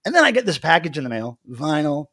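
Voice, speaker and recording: A man's voice: on the high side, sing-song, fast talker, bright, forceful tone, no echo, clean studio sound. A man hosting a live video chat, talking casually and animatedly, laughing often. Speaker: livestream host.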